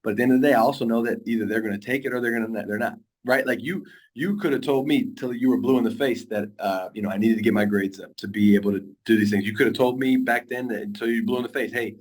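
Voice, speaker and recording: A man who coaches high school football, talking earnestly in a casual interview, rambling with frequent restarts. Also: fast talker.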